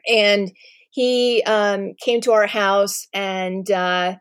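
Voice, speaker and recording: A middle-aged woman telling a personal family story to an audience, candid and animated, with many ums and restarts. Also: mid-range voice, extremely slow, clear, resonant tone, no room sound, studio quality.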